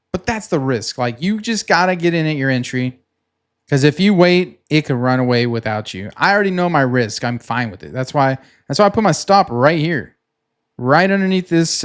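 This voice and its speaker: A man casually talking through his trading session on a screen share, relaxed and chatty, pointing at the chart as he explains. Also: mid-range voice. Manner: relaxed and chatty, many "like"s, quick laughs; talks himself through the chart while pointing at it. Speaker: futures trader recapping his trading session.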